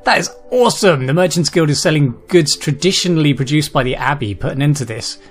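Lively man reading game text. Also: fairly high pitch, quick pace. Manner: reads game text aloud, chuckles often, exclaims. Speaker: gameplay commentator. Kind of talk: casual let's-play commentary. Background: game music.

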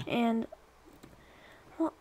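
A young woman who makes let's play videos chats and rambles through her gameplay commentary, exclaiming and coaxing her pets along. Her voice has a dark tone and drawn-out words, with a little hiss or hum in the recording.

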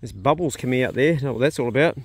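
A man's voice: medium pitch, expressive, fast, slightly rough, dry recording. A man chatting casually as he walks around his rural property, filming on his phone and talking to his animals. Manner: easygoing, rambling commentary with pet talk. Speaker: homestead vlogger. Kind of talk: casual filmed walk-and-talk. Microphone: phone held while walking.

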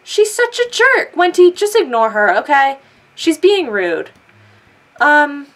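Woman, let's play commentary, chatty, talks to the game characters, high voice. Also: very animated, takes it slowly, a bit bright. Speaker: gamer.

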